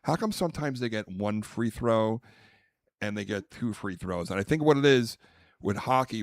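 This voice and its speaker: A man hosting a podcast in casual chat, rambling with restarts and bursts of mimicked squeaks. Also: no room sound, clean studio sound. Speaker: podcast host.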